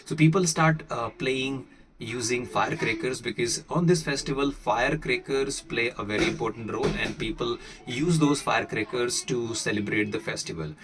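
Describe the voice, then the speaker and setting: A man from India with an Indian accent, an English teacher explaining casually, pausing often with fillers. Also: mid-range voice. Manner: explains with many pauses and fillers. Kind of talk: casual spoken lesson. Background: faint fireworks.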